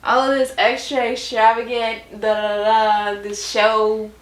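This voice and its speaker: A woman's voice: a little high, little pitch movement, a little slow. A woman telling a story in casual chat with her partner, laughing often and talking with lots of fillers. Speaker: vlog co-host. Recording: roomy echo.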